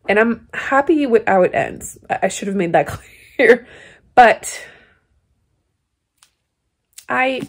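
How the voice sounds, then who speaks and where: A woman's voice: medium pitch, slight background noise. A young woman vlogging at home, bluntly ranting about a book and cooing at her kittens. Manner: cooing baby talk to kittens. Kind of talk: casual vlog chat.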